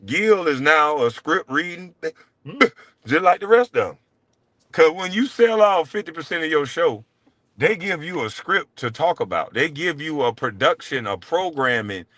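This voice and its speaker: A man hosting his own show, delivering a heated, profane solo rant, taunting and swinging between loud jabs and low mutters. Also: expressive, unhurried, dry recording, clean studio sound. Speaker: show host.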